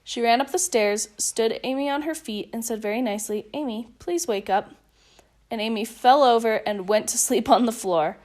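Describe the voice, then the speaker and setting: A woman reading a children's picture book aloud in a lively, expressive way. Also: a little high, brisk, hardly any pauses. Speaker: storybook reader.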